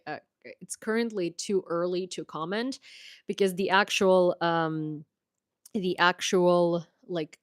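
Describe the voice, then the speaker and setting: A woman from Ukraine with an American accent, hosting a casual political commentary livestream in a blunt, sarcastic, profane way. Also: medium pitch. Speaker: livestream host.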